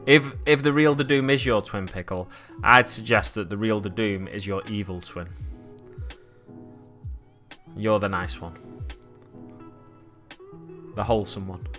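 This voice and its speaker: Bright-voiced chatty male streamer. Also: fairly low pitch, slow, long pauses, faint music behind. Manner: chatty, rambling, reads chat aloud and muses. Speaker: miniature-painting streamer. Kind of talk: casual live-stream chat. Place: home hobby desk.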